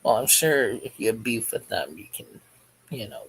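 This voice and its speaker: A man's voice: on the low side, lively intonation, moderate pace, fairly bright tone, slight background noise, low-quality recording. A man hosting a crochet livestream, chatting casually and jokily while reading the live chat aloud as he works.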